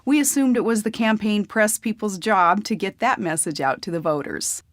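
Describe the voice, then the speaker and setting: Brief: woman memoir narrator, mid pitch, plain conversational read, dry close sound. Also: moderate pace, no echo. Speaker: audiobook narrator.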